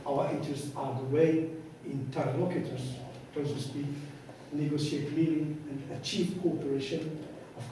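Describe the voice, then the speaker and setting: A man's voice: on the high side, mellow, distant mic, a little hiss or hum. Man lecturing in a big echoey hall. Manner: storytelling, acts out both sides of dialogues. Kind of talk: conference lecture with anecdotes.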